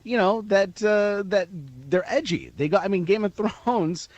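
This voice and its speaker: A man's voice: high-pitched, a little slow, no echo. A man reporting as an entertainment correspondent in a radio interview, chatty and laughing as he tells anecdotes.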